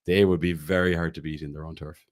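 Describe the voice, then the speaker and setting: Deep-voiced Irish man, rambling chat. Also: little pitch movement, quick pace. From Ireland, County Galway. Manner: rambling, self-correcting, enthusiastic. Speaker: podcast co-host. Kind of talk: casual football podcast chat.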